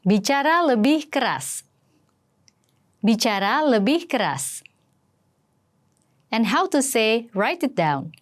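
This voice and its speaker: A woman teaching a language lesson, reading phrases and translations in a slow, careful way for learners to repeat. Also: a little high, sing-song. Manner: slow, careful model pronunciation with repetitions.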